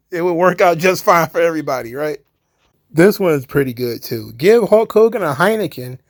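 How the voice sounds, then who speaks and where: Man, commentary host; casual, sarcastic, profane monologue with a slightly raised voice. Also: a little high. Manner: sarcastic, profane, laughs at own jokes.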